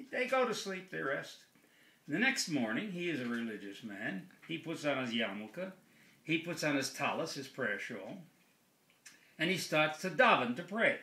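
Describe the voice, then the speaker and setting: A man telling a long joke in a relaxed, unhurried storytelling manner. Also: fairly high pitch. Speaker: joke teller. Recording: echoey room.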